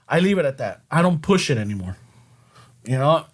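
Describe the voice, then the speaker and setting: Man, high voice, profane, casual podcast chat. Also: big pitch swings, a little fast, a bit bright. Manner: profane, mixes Spanish into English.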